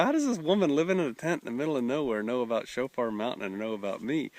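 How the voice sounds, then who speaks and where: A man's voice: mid-range voice, sing-song, fast, no echo. A middle-aged man, a pastor telling a folksy story and acting out the voices of the people in it. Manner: folksy, drawling, acts out voices in his story. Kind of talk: storytelling testimony.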